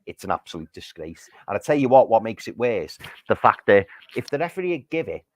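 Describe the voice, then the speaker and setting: A man's voice: lowish voice, big pitch swings, brisk, darkish tone, no room sound. A man ranting furiously after a football match on a livestream from his living room, swearing and repeating himself for emphasis. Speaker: football podcast co-host. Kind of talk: heated post-match fan chat on a livestream.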